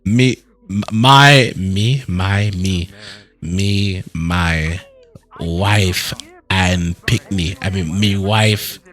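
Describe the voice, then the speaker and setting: A man playing a tough young male street vigilante with a Jamaican patois accent, talking haltingly and restarting words. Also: deep voice, fairly bright tone, soft background music, heavily acted. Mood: easygoing. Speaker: roleplay character. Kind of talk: in-character roleplay chat.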